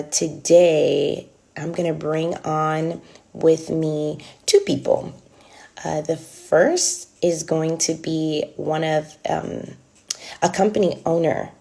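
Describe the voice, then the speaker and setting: A woman's voice: low-pitched, vocal fry, warm tone. A woman hosting a casual livestream close to her phone, chatty with many ums and restarts. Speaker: livestream host. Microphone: phone held close.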